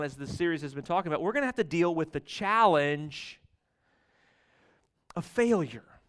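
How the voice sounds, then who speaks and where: A man preaches in a church, his voice pitched high and ringing clear. He reads scripture aloud, then drops into soft, chatty asides before building back to loud emphasis. The delivery is conversational and lively. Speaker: pastor. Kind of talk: sermon. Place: church sanctuary.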